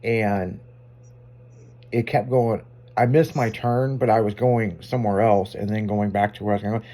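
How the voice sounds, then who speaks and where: A man's voice: fairly low pitch, fairly even intonation, warm tone. Profane, laid-back male radio host. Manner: loose, profane, quick to laugh. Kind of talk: casual chat.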